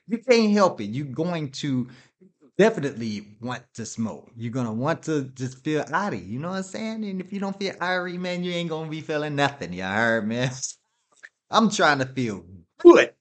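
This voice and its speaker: A man rants on his radio show in an animated, swooping voice that sits a little high. He swears freely and laughs between points in a loose, casual talk style. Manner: profane, laughing, animated ranting.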